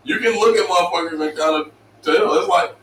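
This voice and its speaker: A middle-aged man co-hosting a casual podcast, telling profane, animated stories and slipping into voices for the people he quotes. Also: high voice, fairly quick, a little hiss or hum. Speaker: co-host. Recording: roomy, distant mic with faint ambience.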